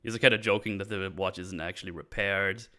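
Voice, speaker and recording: A man's voice: deep voice, steady tone, fairly quick, sharp tone. A man hosting a casual episode recap, rambling with lots of restarts and fillers. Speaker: show recap host.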